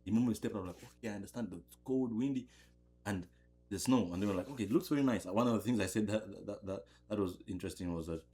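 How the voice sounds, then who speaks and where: A man from Africa, a podcast guest, telling animated stories in casual conversation, often laughing and repeating words as he goes. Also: lowish voice, fast.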